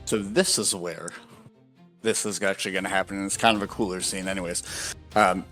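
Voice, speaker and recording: A man narrating as dungeon master, unhurried and hesitant with many pauses and fillers. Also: low-pitched, steady tone, a bit bright, faint music behind. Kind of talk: narrating a tabletop game.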